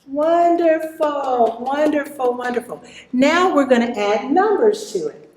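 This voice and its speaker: A woman teaching children a vocal warm-up, encouraging them and demonstrating exercises. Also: high-pitched, lively intonation, measured pace, reverberant. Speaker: music teacher.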